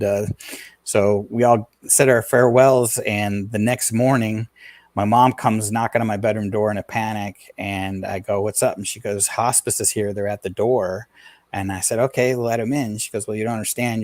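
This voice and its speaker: Man, middle-aged, low voice, earnest, plain-spoken, storytelling interview guest, dry close sound. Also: a little mellow, dry recording. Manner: earnest, plain-spoken, acts out quoted dialogue. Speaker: paranormal investigator guest.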